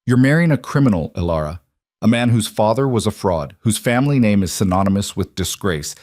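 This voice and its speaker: A man's voice: fairly low pitch, expressive, normal speed, a little mellow, no room sound, lightly acted. Man voicing a stern society mother, cutting and cold, dry close sound; audiobook read. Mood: sharp. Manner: cutting, disapproving. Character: cold controlling wealthy mother, woman.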